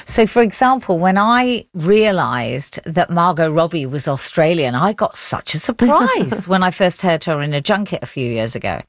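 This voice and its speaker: A woman from India presenting an arts radio show, lively and conversational. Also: lowish voice, moderate pace, few pauses, no echo, clean studio sound. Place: radio studio.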